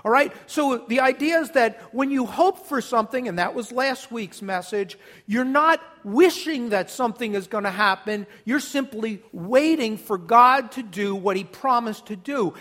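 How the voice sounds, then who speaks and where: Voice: medium pitch, expressive, moderate pace, few pauses, fairly bright tone. A pastor preaching a sermon to a congregation, emphatic and encouraging, leading the church in repeating a phrase back. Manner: emphatic, leads congregation in call-and-response.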